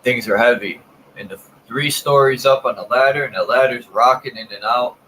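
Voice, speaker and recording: A man's voice: mid-range voice, normal speed, bright, forceful tone, slight background noise, low-quality recording. A man in casual chat, bluntly recounting his work experience with plenty of swearing. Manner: blunt and profane, tells work stories.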